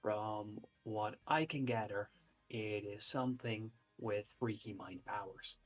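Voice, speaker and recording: A man narrating as game master of a tabletop game, pausing often with fillers. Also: on the low side, faint music behind. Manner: halting, with many "uh" fillers.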